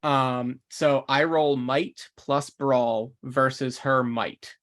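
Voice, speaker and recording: A man at a tabletop game talks in an ordinary mid-pitched voice. He thinks out loud about his moves and the rules, often filling gaps with "uh" and "like.". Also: extremely slow. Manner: relaxed, thinking aloud with fillers. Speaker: player. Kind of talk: casual tabletop game chat.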